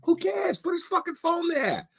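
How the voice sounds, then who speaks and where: A man's voice: extremely high pitch, big pitch swings, normal speed, pitched above the performer's own voice, full character voice. A man voicing a drunk male conspirator with a New York accent, giving crude, bossy, profane orders.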